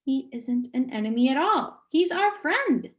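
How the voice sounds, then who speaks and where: A woman's voice: sits high, sing-song, measured pace. A woman reading aloud, voicing a small possessed boy who speaks in a bland, reasonable, coaxing way. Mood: calm.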